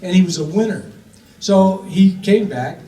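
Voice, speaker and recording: An older man from Ohio tells a family story in a loose, rambling way, with plenty of fillers and little voices for the people he quotes. His voice sits a little high for a man. He sounds a bit away from the mic in an echoey room, with faint room noise behind him. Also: measured pace, warm tone, recorded from a distance. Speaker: storyteller recounting family history. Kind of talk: casual spoken storytelling.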